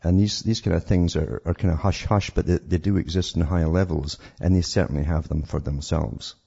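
A man's voice: deep voice, steady tone, fairly quick, creaky, warm tone, breathy edge, muffled recording. A man hosting a call-in radio show, talking in an indignant, rambling way and often repeating words. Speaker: radio talk show host.

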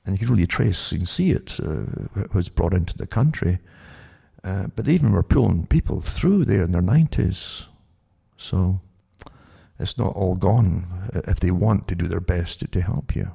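A man's voice: low voice, expressive, moderate pace, gravelly, warm tone, slightly rough. A man hosting a monologue talk show, rambling with many repeated words and stumbling restarts. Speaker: show host.

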